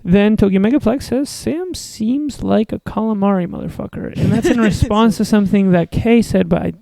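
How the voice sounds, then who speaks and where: A man's voice: high voice, normal speed, creaky, mellow, no echo. A man hosting a casual podcast, chatty, reading viewer chat messages aloud. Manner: chatty, reads comments aloud with a lift. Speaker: podcast host.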